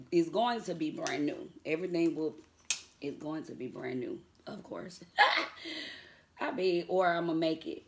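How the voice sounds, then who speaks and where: A woman with a deep voice vlogs over a noisy background. Chatting casually, she calls viewers y'all, laughs often and turns sassy and defiant toward those who criticize her.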